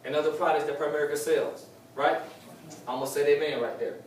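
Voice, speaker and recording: A man delivers a live motivational talk to a room, preachy and fond of saying his points twice. His somewhat high voice comes from away from the mic and rings through a very echoey hall. Faint room noise sits under it. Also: fairly even intonation, quick pace, distant mic. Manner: preachy, repeats key lines for emphasis. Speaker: motivational speaker at a sales meeting.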